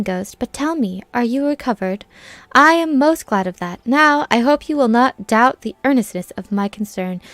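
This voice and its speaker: A woman's voice: a little high, a bit bright, no room sound. A woman voicing a gracious elder woman who leads a forest city, reading formal lines aloud with small stumbles.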